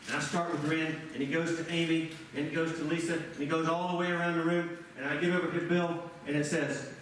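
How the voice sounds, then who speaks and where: In a church sanctuary, a pastor delivers an animated sermon, firing rhetorical questions and addressing his congregation by name. His voice is on the high side and fast. The distant mic picks up room echo and a slight hiss or hum.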